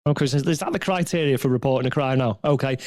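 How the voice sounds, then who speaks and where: A man's voice: medium pitch, quick pace, darkish tone, no room sound, studio quality. A man co-hosting a podcast, making wry, sarcastic remarks in a casual chat. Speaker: podcast co-host.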